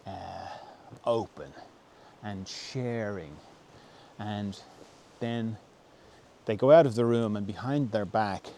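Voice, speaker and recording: A man answering a viewer's question in a gentle, reflective talk. He thinks aloud with pauses and restarts. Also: on the low side, clear, resonant tone. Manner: softly acts out quoted voices, dropping to a whisper. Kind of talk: reflective spoken talk on self-help.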